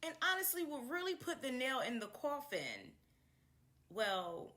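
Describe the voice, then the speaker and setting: Young woman vlogging, chatty and animated, bright voice a bit high. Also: a little slow. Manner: chatty and animated, laughs often, repeats phrases. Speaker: vlogger introducing her channel. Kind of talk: casual chat to camera.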